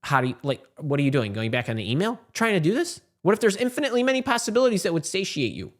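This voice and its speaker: A man's voice: on the high side, fast talker. Emphatic man giving career advice. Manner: animated, emphatic, repeats words for stress. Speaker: career coach. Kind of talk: emphatic advice talk to camera.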